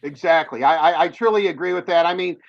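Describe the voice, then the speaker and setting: An older man chats about sports at a high pitch, stammering and restarting his sentences. His voice comes through dull and close, with no room around it. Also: vocal fry, dry recording. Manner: halting, repeats words. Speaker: co-host, sports talk. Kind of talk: casual sports chat.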